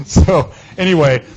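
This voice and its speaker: A man lecturing an anthropology class tells a long anecdote animatedly, often ending his statements with "right?". His voice is high-pitched and slightly rough, and the recording quality is low.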